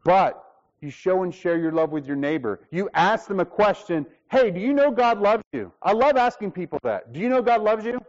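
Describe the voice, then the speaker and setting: A man with a high voice preaches to his church with strong emphasis. He asks rhetorical questions and acts out short exchanges. The sound is dull and lo-fi. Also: sing-song, normal speed. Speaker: pastor. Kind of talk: sermon.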